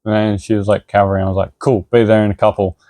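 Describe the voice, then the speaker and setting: A man's voice: fairly low pitch, flat delivery, rapid-fire, dark tone, no echo. A young man co-hosting a casual chat, telling a story in a laid-back way with brief replies. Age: young adult. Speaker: co-host.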